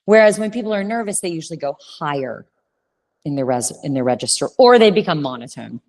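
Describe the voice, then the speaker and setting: A woman talks through a casual interview as the guest. Her voice sits low, but it swings widely as she tells her stories, full of expressive restarts. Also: a little fast. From Louisiana, United States. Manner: expressive, animated storyteller with frequent restarts. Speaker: guest, communication coach.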